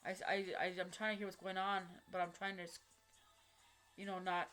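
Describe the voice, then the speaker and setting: A woman telling a personal story straight to camera, blunt and heavily profane, halting and restarting as she goes. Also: medium pitch, level tone, fairly bright tone, faint music behind. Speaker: vlogger recounting a personal story.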